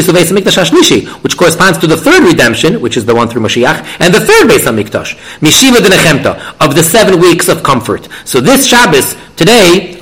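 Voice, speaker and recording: High-voiced man expounding a text. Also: fairly bright tone, low-quality recording. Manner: reads Hebrew phrases, then translates and expounds them. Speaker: Torah teacher. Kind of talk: translating and explaining a Hebrew text line by line.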